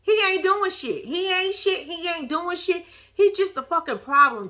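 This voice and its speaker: A woman's voice: very high voice, sing-song, normal speed, few pauses, pushed and bright. Sassy, profane woman recapping reality TV. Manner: blunt, profane, sassy running commentary. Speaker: show recap commentator. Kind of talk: casual reality-show recap.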